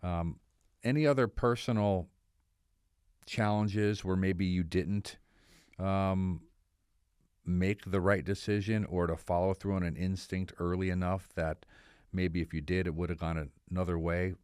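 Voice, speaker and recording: A man's voice: low-pitched, steady tone, a little slow, darkish tone, clean tone, no room sound, studio quality. A male podcast host asking long reflective questions and affirming his guest. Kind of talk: interview conversation. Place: podcast studio.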